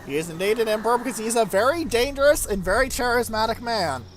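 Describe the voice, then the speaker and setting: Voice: mid-range voice, expressive, fast talker, slight background noise. A let's-play host giving casual gameplay commentary in a chatty, wry way, now and then breaking into incredulous repeated questions.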